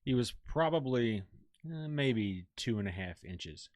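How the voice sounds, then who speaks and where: A man's voice: mid-range voice, animated, measured pace, a little mellow, dry recording, studio quality. A man, the podcast's producer, chiming in casually with short remarks. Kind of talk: casual chat.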